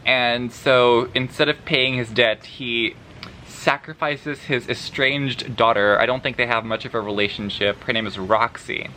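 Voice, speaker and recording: A man's voice: medium pitch, steady tone, a little slow, pushed and bright, slight background noise. A man vlogging a book review, sarcastic and dramatic, swearing freely and laughing between remarks. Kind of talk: casual vlog review.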